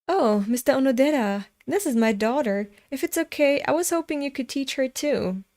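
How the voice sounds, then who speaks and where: A woman voicing a fawning middle-aged father who offers up his daughter, in a mocking high imitation. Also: animated, normal speed, darkish tone.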